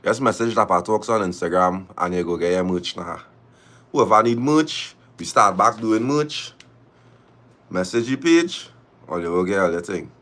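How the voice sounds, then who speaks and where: A man with a Trinidadian accent chatting casually on a live stream, lively and repeating his phrases as he urges viewers to press like. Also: fairly low pitch, normal speed.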